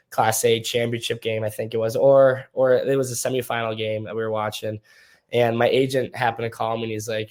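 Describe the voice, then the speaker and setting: A young man from Minnesota, a hockey player guest, talking casually and rambling through his stories in a podcast interview. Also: mid-range voice. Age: young adult. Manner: easygoing, rambling storytelling.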